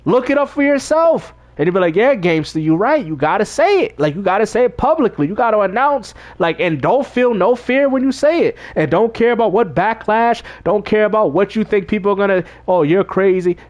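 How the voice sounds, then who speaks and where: A man streaming a game while talking casually to his chat, preachy and emphatic. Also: sits high. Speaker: gaming streamer. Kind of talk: casual livestream talk.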